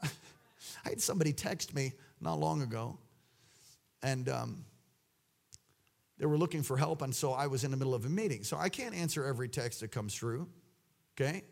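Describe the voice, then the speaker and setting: A man preaching a sermon, swinging between loud exclamations and hushed asides. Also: medium pitch, normal speed, creaky, long pauses.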